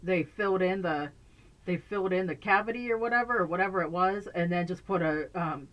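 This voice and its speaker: A woman talks casually to her camera from a room at home. Her voice sits fairly low, and she rambles through fillers, restarts and little laughs. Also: fairly quick, lo-fi sound. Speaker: vlogger.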